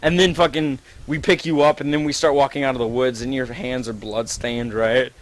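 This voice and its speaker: A man with a voice of ordinary middle pitch tells a friend a made-up, gleefully disgusting tale. He rambles on, swearing freely and filling gaps with "like" as he invents the next turn. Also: little pitch movement, normal speed, low-quality recording. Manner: rambling, profane, gleefully gross, many "like"s. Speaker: storyteller among friends. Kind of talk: improvised absurd story to a friend.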